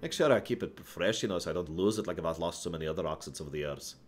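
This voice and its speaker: A man's voice: sits low, rapid-fire. A man answering viewer questions on a casual live stream, rambling, correcting himself and chuckling as he goes.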